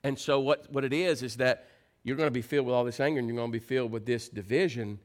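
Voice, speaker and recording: A man preaching a sermon, telling homey stories and slipping into soft, low, prayerful tones. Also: fast talker. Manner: folksy storytelling, swings loud and high into playful mimicry. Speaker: pastor.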